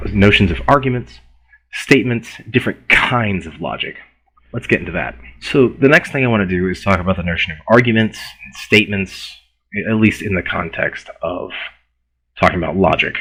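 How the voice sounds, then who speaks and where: A man's voice: sits low, a bit bright, breathy edge, rough recording. A man giving a university philosophy lecture in a conversational way, often restarting words and repeating himself.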